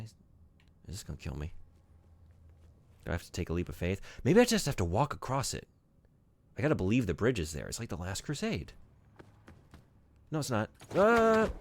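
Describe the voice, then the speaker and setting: A man streaming a video game, chatting casually and rambling with lots of fillers and the odd swear. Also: on the low side. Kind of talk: casual gaming stream chat.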